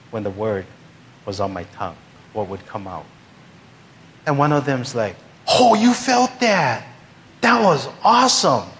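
A man's voice: on the high side, a bit bright. A male pastor telling a humorous story in a sermon, acting out the voices of the people in it. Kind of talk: sermon anecdote.

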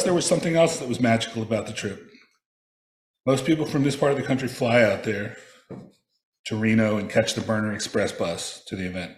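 Man telling a wry story in an echoey room. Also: medium pitch. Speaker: speaker sharing a personal reflection. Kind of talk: prepared personal reflection read aloud.

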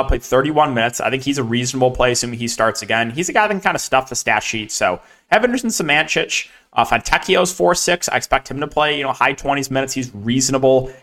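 A man's voice: medium pitch, a bit bright. A young man giving a casual solo podcast breakdown of fantasy sports picks, rattling through names and numbers with lots of ums and likes. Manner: rapid, filler-heavy, lists names and numbers.

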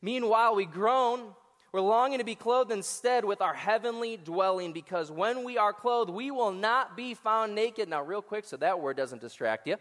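Man, associate pastor, high voice, joking and chatty sermon, echoey hall. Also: expressive, moderate pace, fairly bright tone. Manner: joking, talks back to the crowd. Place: church auditorium before hundreds of people.

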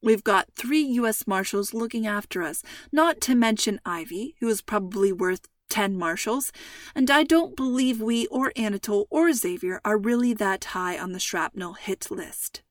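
A woman doing a calm, teasing dad. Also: mid-range voice, normal speed, dry recording, clean studio sound, close to an everyday voice. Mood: reassuring. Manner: reassuring, playful. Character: calm joking father, middle-aged man.

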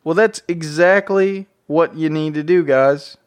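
A young man from Tennessee with a Southern drawl, talking excitedly and loosely in a casual motivational vlog. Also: on the high side, unhurried, no echo. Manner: excitable, slangy, repeats himself. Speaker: vlogger.

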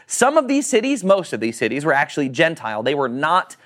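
A man preaching a sermon to a congregation, animated, acting out quoted voices and asking questions. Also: on the high side, fairly quick, few pauses. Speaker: pastor.

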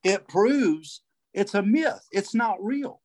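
A man tells a hunting yarn in a casual, lively way. His voice sits a little high, and he acts out other voices and calls. The sound is dry and close. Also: takes it slowly, no room sound. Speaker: guest turkey hunter. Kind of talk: casual storytelling.

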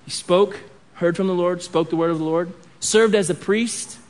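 A man's voice: sits high, fairly even intonation, normal speed. A man in his thirties preaching a sermon in a conversational way, with restarts and asides. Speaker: pastor.

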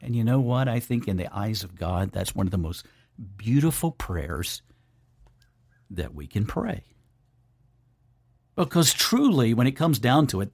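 A man's voice: medium pitch, animated, unhurried, darkish tone. A man hosting a devotional podcast, talking earnestly and conversationally straight to the listener. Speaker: podcast host.

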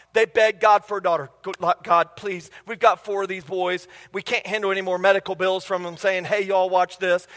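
Middle-aged male pastor, very high and sharp, humorous storyteller, church hall reverb. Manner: humorous storytelling, quizzing the congregation. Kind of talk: sermon. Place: church sanctuary. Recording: long reverb of a large hall.

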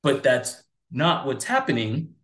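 Male co-host, 40s, rambling and animated, echoey room. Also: medium pitch, measured pace. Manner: animated, rambling, acts out voices. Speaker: podcast co-host. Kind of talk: casual political chat. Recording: roomy echo.

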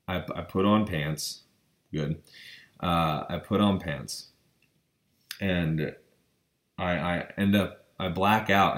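Deep-voiced man telling a story earnestly. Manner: earnest, breathless retelling with many restarts and stammers; keeps saying literally. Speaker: vlogger. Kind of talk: personal storytelling.

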